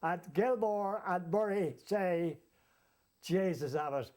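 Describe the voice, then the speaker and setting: A male storyteller spinning a funny travel yarn, his voice sitting high for a man. He tells it in a lively way and chuckles at his own tale as he goes. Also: takes it slowly. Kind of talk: comic anecdote told to an audience.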